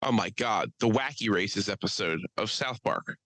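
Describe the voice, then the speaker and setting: Profane, animated man chatting on a podcast. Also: fairly low pitch, moderate pace, no echo, low-quality recording. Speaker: podcast co-host. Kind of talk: casual chat.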